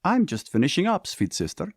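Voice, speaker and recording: An eager young inventor who talks up his ideas with lively, slightly defensive energy, voiced by a male reader. His lines come dry and close in a storybook reading. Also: sits high, fairly quick, husky, no echo, voice pushed up, exaggerated voice. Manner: excited, a bit defensive. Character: bookish young inventor, eager and mildly testy.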